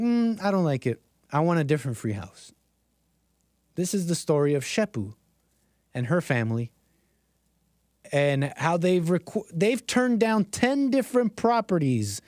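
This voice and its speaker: Guy streamer ranting over clips, kinda high voice, sarcastic, keeps restarting, dry close mic. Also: darkish tone, no room sound. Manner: rambling, sarcastic, many restarts. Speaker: streamer commenting on videos. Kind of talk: casual commentary.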